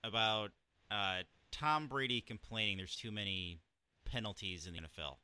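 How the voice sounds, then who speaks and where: A man co-hosting a football podcast, giving laid-back, measured answers in casual chat. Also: fairly low pitch, bright, forceful tone, clear, resonant tone, dry recording. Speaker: podcast co-host on a call.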